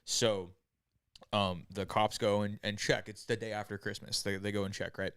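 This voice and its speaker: Low-voiced man telling a rambling story. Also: level tone, moderate pace, a bit bright, smooth, dry recording, clean studio sound. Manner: rambling, profane, lots of "right?" and "like". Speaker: podcast host. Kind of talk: casual storytelling with friends.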